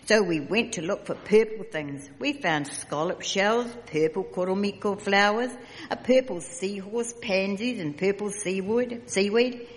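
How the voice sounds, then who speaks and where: A woman reading a children's picture book aloud, expressive and unhurried. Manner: expressive, slow storytelling with lively pitch. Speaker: storyteller. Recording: echoey hall reverb.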